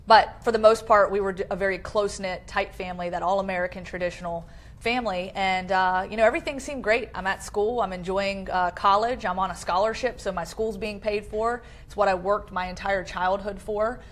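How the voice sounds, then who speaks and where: A woman in her thirties, appearing as an interview guest, tells a personal story earnestly but haltingly, with lots of filler words. Her tone stays steady, and the clip comes from a low-quality live-stream video.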